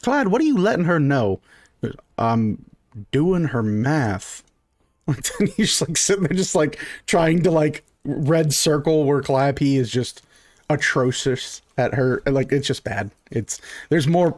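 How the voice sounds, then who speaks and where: A man's voice: mid-range voice, darkish tone. A man narrating a tabletop role-playing game as game master, in a casual, rambling way.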